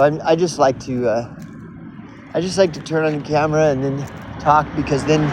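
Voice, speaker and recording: A man ranting casually to his camera as a YouTuber, profane and rambling, often repeating himself. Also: fairly high pitch. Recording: constant noise behind voice.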